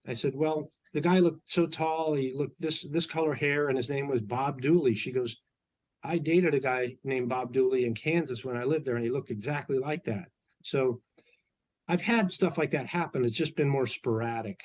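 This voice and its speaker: A middle-aged man telling personal stories as an interview guest, relaxed and anecdotal with frequent fillers and restarts. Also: medium pitch, moderate pace. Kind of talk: storytelling in an interview.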